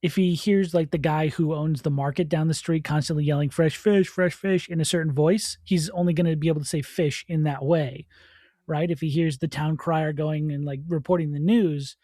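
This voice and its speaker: Easygoing man with a mellow voice. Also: on the high side, steady tone, normal speed, no room sound, clean studio sound. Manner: easygoing, laughs between thoughts. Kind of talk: casual brainstorming chat.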